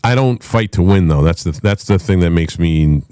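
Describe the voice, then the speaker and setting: A man with a very low, heavy voice speaks in a blunt, combative rant, full of profanity. The recording is dry and close, with no room sound. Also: animated, normal speed, mellow, clear, resonant tone, no room sound. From United States. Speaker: podcast host. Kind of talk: unscripted rant.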